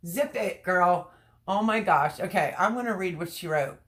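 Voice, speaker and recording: A woman's voice: lowish voice, normal speed, a bit bright. A woman hosting a casual livestream, reading out chat comments, teary and laughing through her words. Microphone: webcam or phone on a stream.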